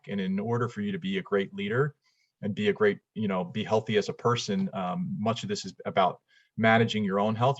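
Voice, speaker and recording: A man sits in as an interview guest, his low voice coming through slightly dulled webinar audio. He talks in an unhurried, halting way, filling pauses with ums as he gathers his thoughts. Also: no echo, dull audio. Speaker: guest, business executive and author. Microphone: video call.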